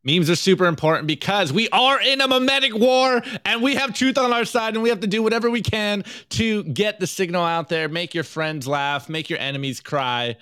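Animated joking man, smooth dry close voice. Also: high-pitched, normal speed, hardly any pauses, no echo. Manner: animated, jokey, reads memes aloud with laughs. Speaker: co-host. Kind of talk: casual podcast chat, reviewing memes.

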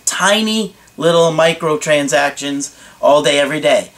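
A man's voice: fairly high pitch, steady tone, a little slow, fairly bright tone. A man who works as a relationship coach, reading a viewer's email aloud and commenting on it in a direct, frank way, asking pointed rhetorical questions.

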